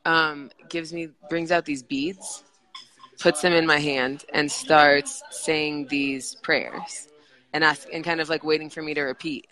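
Podcast guest, woman, bright forward tone, rambling casual storytelling full of "like" and restarts. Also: low-pitched, steady tone, unhurried, rough recording. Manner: rambling, many fillers and restarts.

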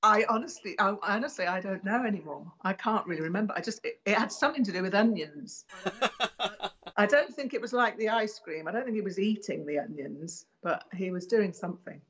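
A woman in an interview, casually recalling memories at a middling pitch. She hesitates often, filling gaps with ums and restarting her sentences. The recording is somewhat muffled and low in fidelity. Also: brisk, a bit bright.

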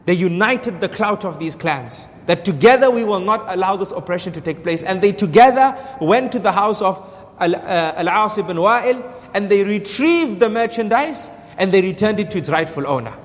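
A man's voice: sits high, expressive, normal speed, big-room sound. A man giving a religious lesson as a story, asking rhetorical questions and repeating key phrases. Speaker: Islamic lecturer.

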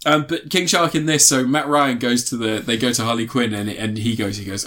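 Animated British man chatting casually. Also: mid-range voice, brisk. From Britain. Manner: animated, laughing, swearing freely. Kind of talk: casual chat.

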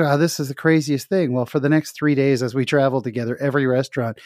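A man's voice: medium pitch, steady tone, rapid-fire, hardly any pauses, darkish tone, no room sound, clean studio sound. A man hosting a casual interview, chatty and repetitive, who acts out the people in his own stories. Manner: chatty, repeats words, acts out voices in anecdotes. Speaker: interview host.

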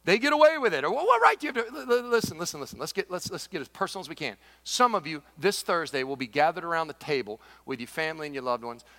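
Middle-aged male pastor, animated sermon delivery, high-ish and bouncy, recorded in a reverberant hall. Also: quick pace, hardly any pauses. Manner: animated storytelling, swings between loud exclamations and hushed intensity. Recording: echoey large hall.

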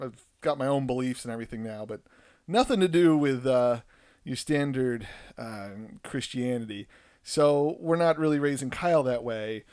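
In clean studio sound with no room sound, a mid-range male voice tells a casual story. He's in his thirties, rambling about parenthood in a self-deprecating monologue, frequently restarting and turning animated whenever he acts out quotes.

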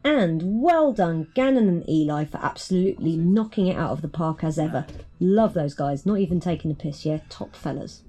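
A woman's voice: low-pitched, expressive, normal speed, warm tone, husky, faint music behind. A woman comedian reading out her votes in a dry, mock-gushing way. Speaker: comedian and streamer.

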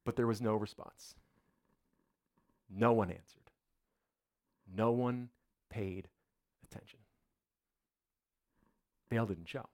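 A man preaching a sermon as a pastor, dramatic and emphatic, with rhetorical questions and repetition. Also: medium pitch.

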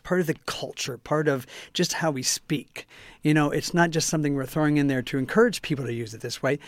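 A man's voice: a little high, dry recording. Dry-toned chatty male talk-show host. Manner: chatty, restarts phrases. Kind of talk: casual talk-show chat.

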